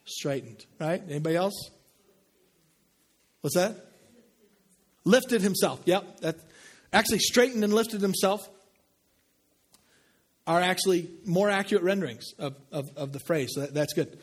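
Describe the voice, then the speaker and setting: A man preaching a sermon in a conversational way, asking the congregation questions and dropping low and slow to make a point. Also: expressive, breathy edge. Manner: drops low and slow for emphasis. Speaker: pastor.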